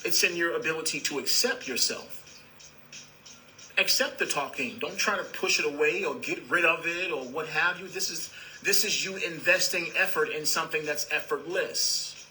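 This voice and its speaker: A man gives a spiritual talk in a very bright, sharp-edged voice that sits a bit high. He is calm and repetitive, and he calls his listeners "beloved" as he teaches. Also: moderate pace, a little hiss or hum, poor audio.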